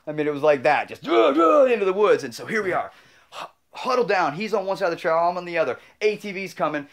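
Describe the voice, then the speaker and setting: A man's voice: a little high, lively intonation, quick pace. A man telling a heartfelt personal story in an earnest, rambling way, full of restarts and growing emotional. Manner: emotional, choking up. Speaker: motorcycle travel vlogger.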